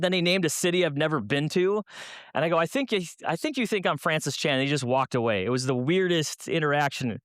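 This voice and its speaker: Speaking as a guest at a church youth night, a man from Minnesota, USA, tells comic stories and asks the room rhetorical questions. His voice sits on the high side with a fairly bright tone, and he talks a little fast. It's recorded in studio quality, free of echo.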